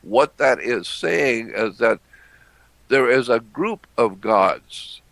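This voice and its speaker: A man giving a deliberate explanatory lecture, repeating phrases and clearing his throat often. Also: medium pitch, lively intonation, a bit bright, no room sound.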